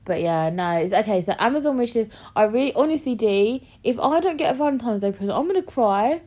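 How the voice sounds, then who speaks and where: Lively, foul-mouthed young woman. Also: on the high side, fairly quick. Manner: blunt, swears a lot, animated. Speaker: podcast host. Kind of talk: casual chat.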